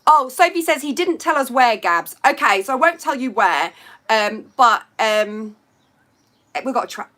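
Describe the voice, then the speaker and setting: A woman's voice: on the high side, animated, measured pace, bright, forceful tone. A woman hosting a casual live stream from home by a window, chatting to viewers in a rambling way and reading out their comments.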